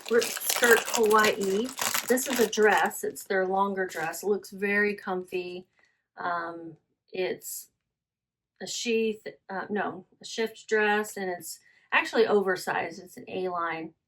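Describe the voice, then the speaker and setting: A woman talks through her recent resale sales in an easy, conversational way. She often stops to correct herself mid-sentence and reads titles and prices aloud. Her pitch is in a middle range for a woman. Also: steady tone, slow, a bit bright. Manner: chatty, self-correcting, reads listing details aloud. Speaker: online reseller. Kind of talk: casual selling vlog.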